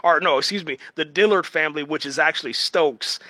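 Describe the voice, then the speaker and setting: Fairly high-pitched, brisk and bright, the same kind of TV series reviewer speaks with a forceful tone and no echo through his home streaming setup. His talk is casual and meandering, with fillers, restarts, and a habit of adding "man."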